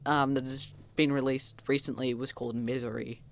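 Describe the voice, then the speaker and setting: A podcast co-host in casual chat, talking fast and bursting into loud mock quotes. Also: mid-range voice, level tone, no echo. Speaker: podcast co-host reviewing an album.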